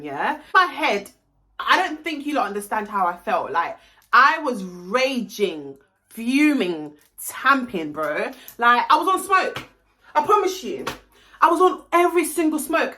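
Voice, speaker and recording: A young woman telling a heated storytime, animated and swearing freely. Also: on the high side. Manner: animated, heated and expletive-laden. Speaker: vlogger. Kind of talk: storytime vlog.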